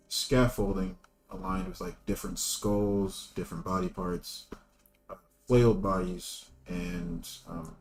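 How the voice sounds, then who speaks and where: A male game master narrates a tabletop game, setting scenes in detail and filling pauses as he goes. His voice is gravelly and moves up and down a lot. Loud music plays behind him. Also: sits low. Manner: descriptive, filler-heavy.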